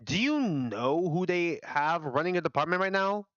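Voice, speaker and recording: A man's voice: fairly high pitch, animated, normal speed, fairly bright tone, no room sound, lo-fi sound. A man voicing a harsh male colleague who scolds and insults someone with open contempt. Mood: scolding. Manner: berating, contemptuous.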